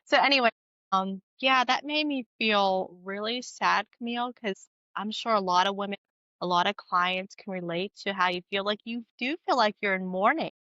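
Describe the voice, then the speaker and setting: A woman's voice: medium pitch, moderate pace, dry recording, muffled recording. A woman fitness coach chatting on a podcast over a video call with earphones, telling stories and acting out what her clients say. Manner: lively storytelling, acts out quotes from clients. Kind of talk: casual podcast chat.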